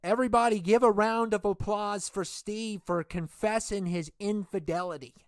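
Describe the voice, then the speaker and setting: A man playing a menacing leader of a villainous wrestling group in a game role-play, taunting with slow, drawn-out threats. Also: high voice, steady tone, voice pushed up, close to an everyday voice. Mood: gloating.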